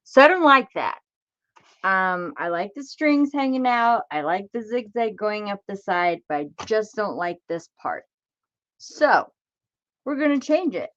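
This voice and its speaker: A woman's voice: medium pitch, very animated, measured pace, a bit bright, dry recording, lo-fi sound. A woman chatting casually on a crafting livestream, talking to herself as she works and greeting viewers by name.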